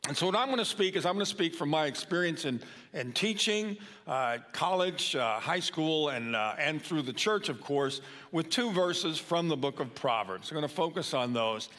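A man's voice: fairly high pitch, animated, moderate pace, few pauses, bright, forceful tone. An older man giving a sermon as a guest preacher, talking in a loose, conversational way with many fillers. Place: church sanctuary. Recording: long hall reverb.

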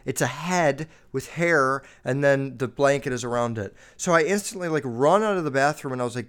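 A man's voice: normal speed, few pauses, smooth. A man hosting a podcast, telling a story in a rambling, foul-mouthed way, full of "like", his voice jumping up and down as he gets worked up. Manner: rambling, heavy swearing, lots of "like"; animated, jumping up and down in pitch while recounting. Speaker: podcast host. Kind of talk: casual storytelling monologue.

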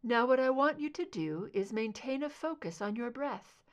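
Brief: woman reader playing a soft-spoken, measured hypnotherapist, steady and calm. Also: dull audio, natural voice. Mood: soothing. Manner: low, modulated, measured. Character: calm therapist leading a hypnosis session.

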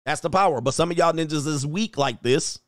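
A blunt, preachy man lecturing in a motivational monologue. His voice is fairly high for a man, and he hammers home short phrases again and again. The sound is dry and close. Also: brisk, no echo. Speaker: dating and life coach.

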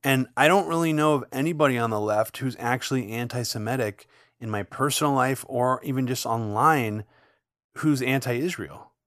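A man's voice: medium pitch, moderate pace, fairly bright tone, no room sound, studio quality. A man in casual political chat, speaking thoughtfully and hedging with frequent fillers.

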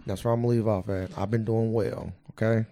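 A man's voice: lowish voice, fairly even intonation, a little fast, dark tone. A young man co-hosting a podcast in casual chat, sarcastic and needling, mock-indignant. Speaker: podcast co-host.

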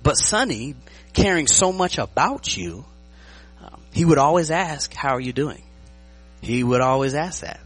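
A man's voice: a little high, a little slow, slightly rough, faint music behind, rough recording. A man preaching a sermon as pastor, joking and often checking that his listeners are following him. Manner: lively, joking, checks in with the audience.

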